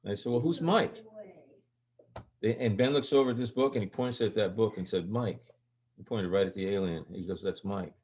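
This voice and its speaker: An older man with a fairly low voice tells stories as an interview guest. He rambles and restarts sentences as he goes. When he acts out what people said, his voice jumps sharply higher and gets livelier. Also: a little fast. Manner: rambling, animated, jumps high for quoted lines. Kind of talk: casual storytelling.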